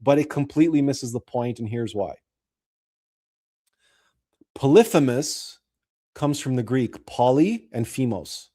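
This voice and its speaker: A man hosting a show, retelling and explaining a classic story in a deliberate, explanatory way. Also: mid-range voice, animated, warm tone. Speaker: host.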